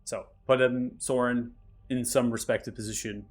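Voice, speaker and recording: A man acting as game master, calmly narrating the action and explaining rules step by step. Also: medium pitch, normal speed, faint music behind. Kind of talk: narrating and ruling a tabletop game.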